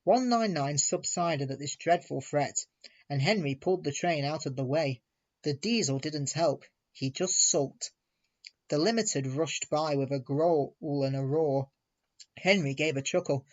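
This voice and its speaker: A man reading a children's storybook aloud, measured and clear. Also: on the high side, dry recording, lo-fi sound.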